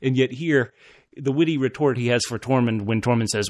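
A man co-hosting a casual fan discussion show, animated and laughing often, restarting his phrases as he talks. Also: medium pitch, moderate pace, no room sound, clean studio sound. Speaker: podcast co-host.

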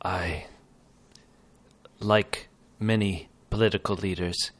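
A man's voice: low-pitched, steady tone, slow. A man playing a bitter, crude small nobleman in a put-on posh English accent, talking theatrically.

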